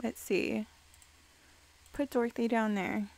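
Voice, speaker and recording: A woman giving excitable game commentary, reacting with quick exclamations and playfully scolding the characters on screen. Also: on the high side, vocal fry. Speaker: let's play gamer.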